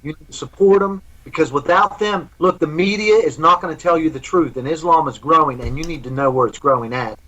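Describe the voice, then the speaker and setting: Bright-voiced earnest male guest. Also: fairly high pitch, brisk, few pauses, highs cut off. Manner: earnest, preaching. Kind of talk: live remote interview.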